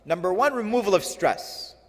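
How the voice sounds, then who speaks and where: A man giving a religious lecture on classical poetry, animated and firing rhetorical questions at his audience. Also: high-pitched, moderate pace, long reverb tail. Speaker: religious teacher.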